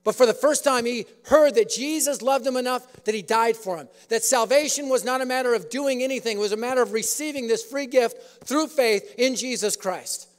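A man's voice: very high-pitched, a little fast, hardly any pauses. A man preaching a sermon in an auditorium, telling a story with humor. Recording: echoey auditorium.

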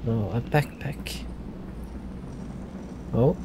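A man doing let's play commentary, excitable and laughing often, dropping from loud yelps to hushed talk. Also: medium pitch, drawn-out words, very noisy. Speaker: gaming YouTuber.

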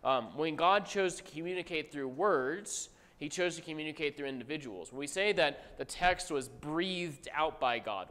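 A man's voice: medium pitch, fairly bright tone, clear, resonant tone. Man lecturing in an echoey room. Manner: conversational, repeats points, asks class questions. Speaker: Bible teacher. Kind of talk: classroom theology lecture.

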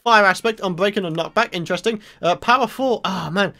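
A man giving excitable, chatty video game commentary, exclaiming as he plays and talking to his viewers. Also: sits high, a little fast. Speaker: let's play host.

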